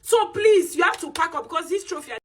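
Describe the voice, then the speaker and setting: A woman chatting to camera, animated and teasing. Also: very high-pitched, very fast. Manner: animated, teasing, mixes pidgin. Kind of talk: casual chat to camera.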